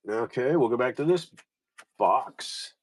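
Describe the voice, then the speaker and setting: A man's voice: mid-range voice, expressive, slow, husky, no echo. A man selling postcards on a live stream, casually rambling as he reads out place names and chats with viewers by name. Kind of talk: casual live-sale commentary.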